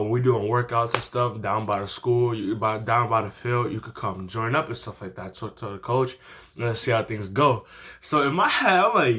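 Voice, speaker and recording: A teenage boy chats straight to camera in a loose, animated story-time ramble. His voice sits at a middle pitch, and he breaks into laughter as he goes. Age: teens. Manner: animated, slangy, laughs often. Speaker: vlogger.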